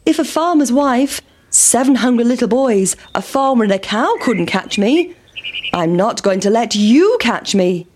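A woman voicing a cheeky runaway pancake with a high, squeaky, taunting voice in a storybook reading. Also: lively intonation, unhurried, a little mellow.

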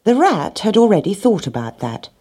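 A woman narrating a children's storybook in a gentle, expressive reading. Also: medium pitch, normal speed, slightly rough.

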